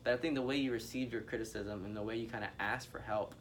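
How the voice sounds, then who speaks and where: A man's voice: on the low side, steady tone, fast, a little hiss or hum. A man speaking candidly and casually in a discussion, with slangy asides.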